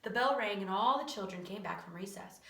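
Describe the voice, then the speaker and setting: A woman teacher reading a children's book aloud in an animated way, with chatty asides. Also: medium pitch, fairly quick, gravelly. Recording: roomy echo, distant from mic.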